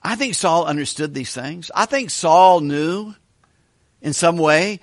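Animated, higher-voiced male preacher. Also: measured pace, no room sound, clean studio sound. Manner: animated, asks questions of the congregation. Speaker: pastor. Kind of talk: sermon. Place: church hall with a kitchen.

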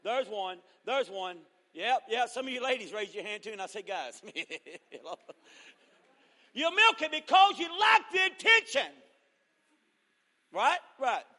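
A man preaching a revival sermon, teasing the congregation and rising to shouted fervor. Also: extremely high pitch, sing-song, measured pace, pauses often. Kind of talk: joking, call-and-response revival sermon. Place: church revival service. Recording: long echoing church hall reverb.

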